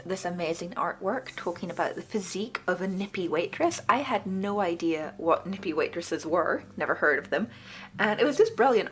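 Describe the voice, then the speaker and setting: Chatty woman reviewing a magazine. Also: slight background noise. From Britain. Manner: chatty and enthusiastic, with lively pitch jumps. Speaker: book club vlogger.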